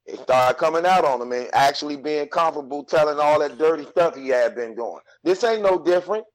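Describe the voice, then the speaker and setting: On a poor-quality recording, this man talks briskly and with animation in a fairly high voice, raising it insistently. As a podcast co-host in a casual battle rap conversation, he teases and hammers points home by saying them again.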